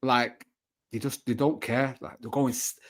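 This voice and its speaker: A man's voice: medium pitch, level tone, unhurried. Chatty Mancunian man, rambling and candid. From Manchester, England. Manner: chatty, rambling, frequent fillers and restarts. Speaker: podcast guest, football fan content creator. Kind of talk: casual chat.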